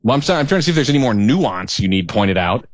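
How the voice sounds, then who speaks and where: A man's voice: medium pitch, sing-song, fast talker, noisy background. A middle-aged man telling a story in casual chat, rambling, profane and sarcastic.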